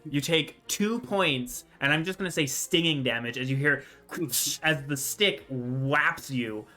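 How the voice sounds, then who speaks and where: A man's voice: on the high side, slow, sharp tone. A man narrating as game master with many fillers, describing the scene to the players. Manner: chatty, filler-heavy narration.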